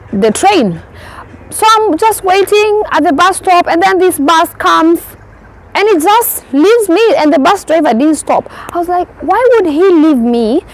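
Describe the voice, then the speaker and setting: A woman's voice: high-pitched, rough recording. A young woman from Kenya, telling stories in a casual vlog and acting out her own reactions. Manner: lively storytelling, acts out her own reactions. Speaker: vlogger.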